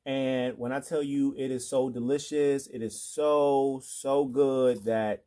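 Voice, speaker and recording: A man's voice: mid-range voice, steady tone, slow pace, hardly any pauses, dark tone. Chatty, eager man hosting a mukbang. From Washington, D.C. area. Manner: chatty and enthusiastic, leaning into the audience. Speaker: podcast co-host. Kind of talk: casual chat over a food mukbang.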